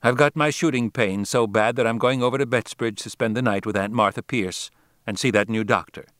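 A man's voice: medium pitch, brisk, a bit bright, no echo, lightly acted. A man reading the lines of a complaining, sickly middle-aged farm wife in an audiobook, in a dry, close recording. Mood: matter-of-fact.

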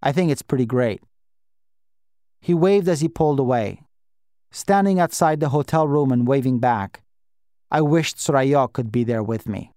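Man, audiobook narrator, calm measured reading, medium pitch, dry close sound. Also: smooth, no room sound. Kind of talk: scripted narration.

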